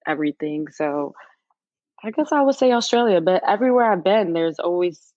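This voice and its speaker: A woman from New York with a New York accent, a podcast guest chatting casually and relaxed, filling her speech with "like". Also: lowish voice, normal speed, no echo. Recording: dull, dry, muffled sound.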